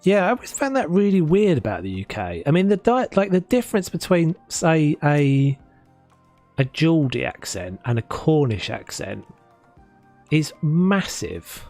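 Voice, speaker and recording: A man's voice: a little high, sing-song, unhurried, darkish tone. Guy rambling away while gaming, lots of restarts, bit of music under it. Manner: rambling, chatty, many restarts. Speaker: gaming streamer. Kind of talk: casual chat while playing. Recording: faint music behind.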